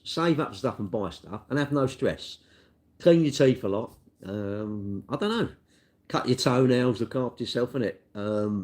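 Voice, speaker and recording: A middle-aged car dealer with a medium-pitched, slightly mellow voice chats casually on a live stream. He rambles while answering viewer comments, using tag questions like "innit".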